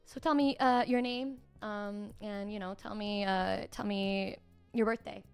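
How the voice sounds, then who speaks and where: A woman voicing a pushy, smooth-talking female street psychic in a low, hushed, knowing drawl. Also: fairly even intonation, measured pace, lightly acted.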